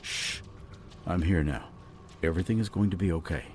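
A man voicing a soft-spoken, reassuring man with a quietly sinister edge in an audiobook, speaking low and hushed. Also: brisk, close to an everyday voice. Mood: soothing. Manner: hushed, low, soothing delivery. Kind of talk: audiobook character reading.

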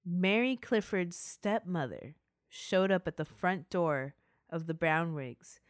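A woman's voice: on the low side, animated, slow pace, no echo, studio quality. A woman hosting a podcast, narrating a true-crime story in a chatty way with asides. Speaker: podcast host.

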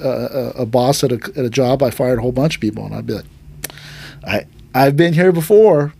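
A man's voice: medium pitch, very fast, creaky, a little hiss or hum. A man hosting a martial arts podcast, telling a story in a casual chat and acting out the voices in it. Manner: animated storyteller, acts out quotes. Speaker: aikido instructor and podcast host.

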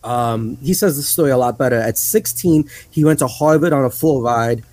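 A man's voice: medium pitch, normal speed, a little mellow, dry recording, low-quality recording. A man chatting casually as a podcast guest, rambling with lots of fillers and laughs. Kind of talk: casual chat.

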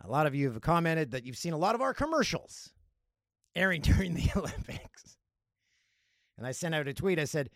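A Canadian man hosting a casual solo podcast, jokey and animated, with loud playful outbursts. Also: on the high side, a little fast, pauses often, no echo, clean studio sound. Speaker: podcast host.

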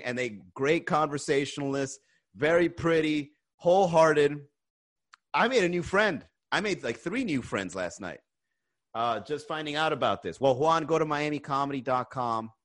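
This man's voice is medium in pitch and a bit bright. He hosts a comedy podcast streamed live, reading viewer comments in a loose, casual chat full of cursing, rants and laughter.

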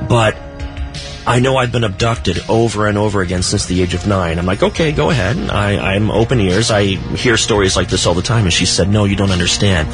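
A low-pitched man speaks as a guest on a radio show, telling his paranormal stories at an unhurried pace. Now and then he drops a small laugh. Music plays clearly under his voice. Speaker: paranormal author and researcher, guest. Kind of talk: casual radio interview.

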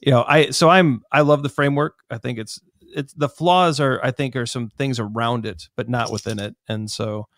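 A man with a mid-range voice, sharing his opinions in casual podcast talk. He is recorded close on the mic in a dry, dead room, and his tone turns animated in his asides. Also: medium pitch, normal speed, no room sound. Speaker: podcast co-host. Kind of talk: casual chat.

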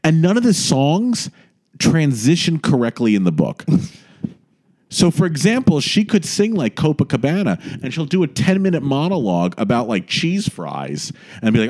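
A man co-hosting a casual chat, talking in an animated, gushing way with quick asides. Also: fairly high pitch. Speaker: podcast co-host. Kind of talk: casual chat about musical theater.

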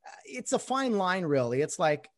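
Man, chatty host, slightly high voice, dry close recording. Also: sing-song, normal speed, dry recording. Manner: chatty, laughs often while telling stories. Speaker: former umpire, podcast host. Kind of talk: casual conversation.

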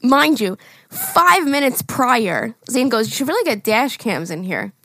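A woman's voice: on the high side, very animated, measured pace, fairly bright tone, no echo. A young woman co-hosting a podcast, telling a story in casual chat, acting out quotes and laughing often. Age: young adult. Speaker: podcast co-host.

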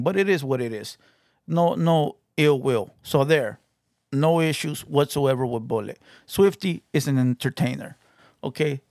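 Dude hosting his podcast, cussing and taunting, kinda high voice, dead dry mic. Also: no room sound. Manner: profane, confrontational, taunting. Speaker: podcast host reacting to clips. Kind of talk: heated reaction commentary.

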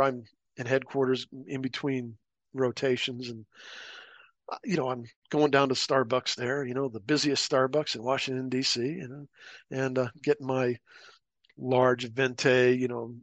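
A man's voice: medium pitch, normal speed, no room sound. A middle-aged man, a former paramilitary officer, telling war stories casually as a podcast guest and acting out the voices of people he quotes. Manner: animated anecdotes, acting out quoted voices, laughing. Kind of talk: casual storytelling interview.

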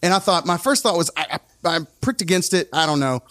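A man hosting a casual music podcast. He talks in an opinionated, animated way and often breaks off his own sentences. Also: fairly high pitch, quick pace, dry recording, studio quality. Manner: opinionated, animated, self-interrupting. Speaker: podcast host.

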